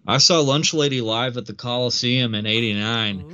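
A man's voice: mid-range voice, normal speed, bright, forceful tone, clean tone, no room sound. A man co-hosting a comedy show, chatting jokingly about old records. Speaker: co-host. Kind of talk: comedic banter. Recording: dull lo-fi sound.

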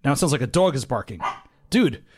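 A man's voice: medium pitch, very animated, quick pace, heavy background noise. Rambling prank-calling man. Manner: rambling, mock-panicked, makes silly noises. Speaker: prank caller. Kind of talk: prank phone call.

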